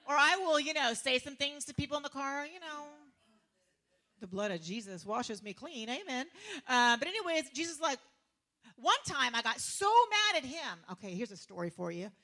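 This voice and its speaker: A woman preacher, giving a lively sermon full of laughter, casual slang and sarcastic humor. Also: high voice, moderate pace.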